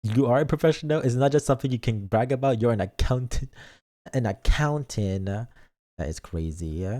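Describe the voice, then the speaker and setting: Animated, playful young man streamer. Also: mid-range voice, normal speed. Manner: playful, dramatic mock outrage, stumbles over words. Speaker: vtuber streamer. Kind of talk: casual livestream chat reading comments.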